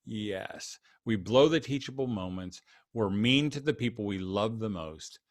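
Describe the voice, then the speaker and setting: A man's voice: lowish voice, animated, a little slow. Humorous middle-aged male speaker. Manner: humorous, storytelling, self-deprecating. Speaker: conference keynote speaker. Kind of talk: casual interview talk.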